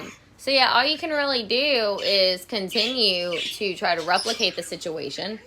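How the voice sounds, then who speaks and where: A woman's voice: mid-range voice, moderate pace, few pauses, noisy background. A woman dog trainer chatting frankly on a home livestream while getting ready, often repeating herself. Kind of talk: casual livestream chat. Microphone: phone or camera at arm's length.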